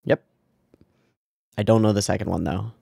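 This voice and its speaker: In clean, dry studio sound, a man hosting an anime reaction video speaks at normal speed in a lowish, gravelly, husky and dark voice with fairly even intonation. His casual commentary is full of swearing and laughter, and he talks back to the screen while reading its lines aloud.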